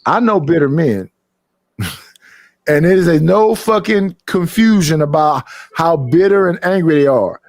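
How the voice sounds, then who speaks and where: A man's voice: fairly high pitch, animated, measured pace, no room sound, clean studio sound. A man on a casual podcast, telling stories animatedly and acting out other people with a raised voice, swearing freely. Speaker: podcast host. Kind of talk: casual chat.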